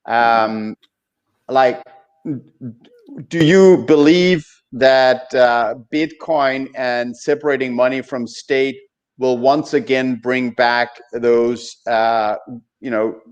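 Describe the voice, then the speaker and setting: A man co-hosting a casual podcast who asks his questions politely and hesitantly, with lots of fillers. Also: medium pitch. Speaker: podcast co-host.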